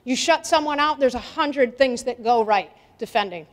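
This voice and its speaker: High-voiced woman coaching in a gym. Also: normal speed. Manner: directive, energetic, asks questions of players. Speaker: soccer coach. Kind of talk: coaching clinic demonstration. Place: indoor gym. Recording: long reverb of a gym hall.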